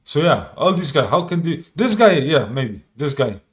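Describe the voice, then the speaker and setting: A man's voice: fairly high pitch, very animated, normal speed. A man giving casual reaction commentary in an insistent, repetitive way, sometimes swearing. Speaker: reaction streamer.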